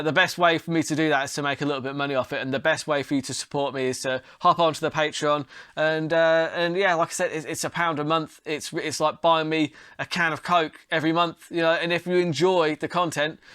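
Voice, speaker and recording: A man's voice: fairly high pitch, steady tone, brisk, fairly bright tone, clear, resonant tone, no echo, clean studio sound. A man hosting a solo podcast, talking casually and launching into heated, sweary rants. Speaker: podcast host.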